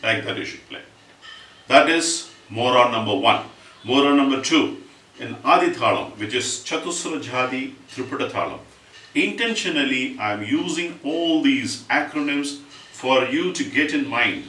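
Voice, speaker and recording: A man teaching Carnatic rhythm, explaining step by step and reciting rhythm syllables loudly and fast. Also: medium pitch, lively intonation. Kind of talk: spoken music lesson with recited rhythm syllables. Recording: roomy, distant mic, faint ambience.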